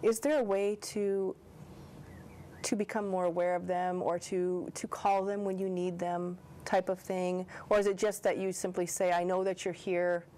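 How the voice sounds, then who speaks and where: A woman hosting a talk show, soft-spoken and hesitant, often repeating words as she asks questions. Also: lowish voice, little pitch movement, moderate pace, a little hiss or hum. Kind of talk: interview conversation.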